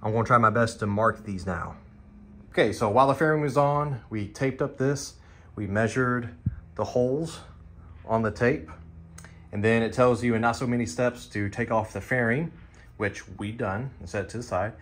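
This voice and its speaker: A man's voice: mid-range voice, moderate pace. A man talking viewers through a motorcycle parts install in a loose, rambling, self-deprecating way, as a casual how-to vlogger in a garage.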